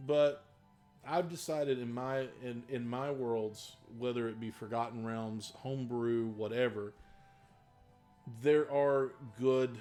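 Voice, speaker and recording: Rambling dungeon master, faint West Virginia twang. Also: male voice, mid-range voice, darkish tone. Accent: faded Southern West Virginia. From Southern West Virginia. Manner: rambling, many fillers and restarts, easygoing. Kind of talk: casual Q&A talk.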